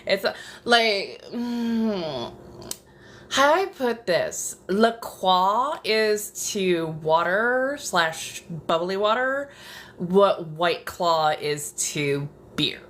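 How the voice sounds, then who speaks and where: Lively, unhurried woman ASMR streamer. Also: mid-range voice, a little hiss or hum. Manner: profane, dramatic, drifts into whispers. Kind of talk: casual chat. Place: apartment.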